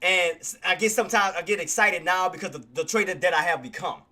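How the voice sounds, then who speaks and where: A male streamer giving live trading commentary, excitable, repetitive and quick to apologize. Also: high-pitched.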